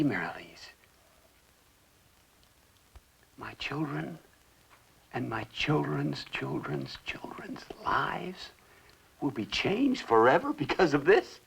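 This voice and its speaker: A man's voice: mid-range voice, vocal fry, breathy edge, exaggerated voice. A feverish, raving money-obsessed man. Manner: wild swings between whisper and shouting. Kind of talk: 1960s television drama acting.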